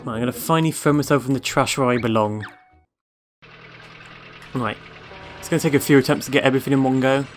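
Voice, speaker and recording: A man's voice: mid-range voice, fast, pauses often, faint music behind. A man giving casual gameplay commentary, sarcastic, swearing freely and talking back to the game. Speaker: let's play gamer.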